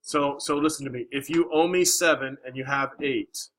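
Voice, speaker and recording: Male teacher, classroom, bright tone, encouraging and coaxing. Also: medium pitch, steady tone, moderate pace, rough recording. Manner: encouraging, coaxing questions, many "all right"s. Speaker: math teacher.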